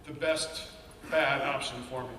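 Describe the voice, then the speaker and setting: In an echoey hall with the microphone far off and slight background noise, a man gives a personal testimony about his own life. Speaking at a measured pace in a steady, mid-range voice that sounds pushed and bright, he tells it candidly and earnestly, quoting his inner voices aloud.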